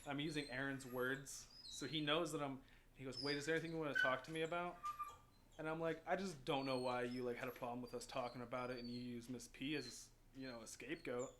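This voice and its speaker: A man's voice: medium pitch, steady tone, a little fast. A young man hosting a podcast, casually telling stories and swearing freely. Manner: profane storytelling, swears freely. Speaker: podcast host. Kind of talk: casual chat. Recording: faint background noise.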